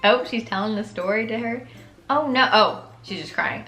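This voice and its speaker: An excitable young woman plays a story game and reads it aloud. Her reactions gush and bounce, and her voice is bright and sharp. The room echoes, and light music plays underneath. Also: a little high, moderate pace. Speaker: gaming YouTuber.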